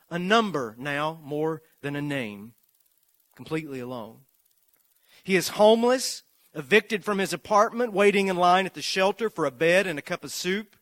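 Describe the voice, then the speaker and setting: A man preaching a sermon, moving from slow, measured lists to loud, rising repetition as he tells a story. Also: high voice, no echo, studio quality.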